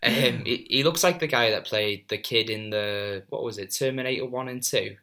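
A man co-hosting a podcast, chatting in an animated way with laughs and swearing. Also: mid-range voice, normal speed. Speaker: podcast co-host. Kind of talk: casual chat.

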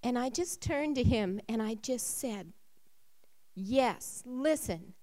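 A woman sharing a personal faith testimony. Her voice rises when she gets excited and drops low when she turns reflective. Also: unhurried. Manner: emotional storytelling, rising when excited and dropping low when reflective.

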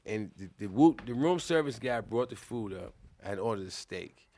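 A man's voice: lowish voice, expressive, moderate pace, darkish tone. Teasing podcast host, a man. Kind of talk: casual podcast chat.

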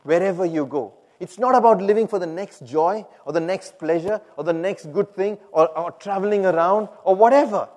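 Male preacher, voice sits a bit high, loud emphatic calls and quiet asides, long hall echo. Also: normal speed, few pauses. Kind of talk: sermon.

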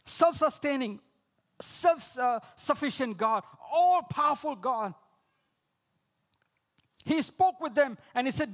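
A man preaching a sermon, repeating key phrases, calling listeners friends, and swinging between emphatic outbursts and low, quiet lines. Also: big pitch swings, unhurried, long pauses. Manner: rises to emphatic high exclamations, drops low for quoted lines.

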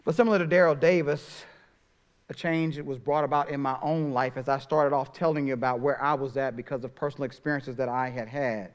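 A middle-aged man preaching a sermon as pastor, swinging from soft, drawn-out phrases to loud, emphatic ones. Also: mid-range voice, fairly even intonation.

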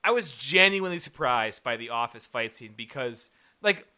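A man's voice: medium pitch, expressive, normal speed, pushed and bright, smooth. A man co-hosting a casual movie review chat, rambling and profane with lots of fillers. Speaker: podcast co-host.

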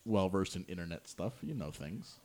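Deadpan low-voiced man. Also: moderate pace. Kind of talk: casual chat.

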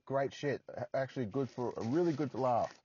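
A man's voice: medium pitch, moderate pace, mellow, husky, muffled recording. An Australian man hosting a solo podcast from his parked car, rambling and poking fun at himself with crude jokes. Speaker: podcast host.

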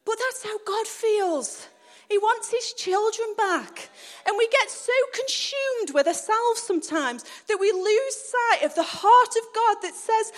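A woman on a stage, preaching through a lively personal story she acts out. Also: extremely high pitch, measured pace. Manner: animated storytelling, acting out scenes. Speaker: church speaker.

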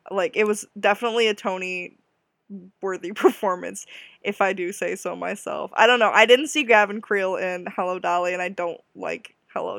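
A woman's voice: medium pitch, fairly bright tone, dry recording. A young woman hosting a casual solo podcast, gushing and giggly with self-deprecating asides. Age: young adult. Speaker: podcast host.

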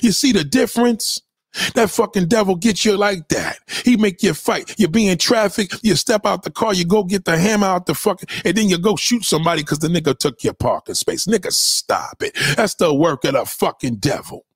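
A man with a high, husky voice holds forth on his livestream, preaching and picking fights. His pitch leaps up and down, and he swears constantly. The sound is dry, with no room around it. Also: lively intonation, normal speed, dry recording. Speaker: livestream host. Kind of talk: profane livestream rant.

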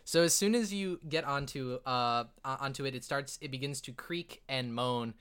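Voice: mid-range voice, moderate pace, a bit bright, clean tone. Game master narrating with loose restarts. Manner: rambling, laughing, many restarts and fillers.

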